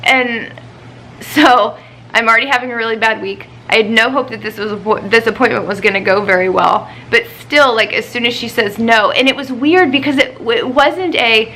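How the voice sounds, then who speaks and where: A woman's voice: a little high, normal speed, bright, forceful tone, a little hiss or hum, rough recording. A woman vlogger chatting casually, venting her frustration over a doctor's appointment after a week of crying. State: upset, recently crying. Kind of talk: casual chat.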